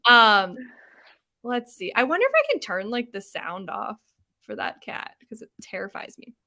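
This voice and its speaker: Lively, bright-voiced young woman chatting. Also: fairly high pitch, normal speed. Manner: bubbly, animated, laughs often. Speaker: podcast host. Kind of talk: casual chat.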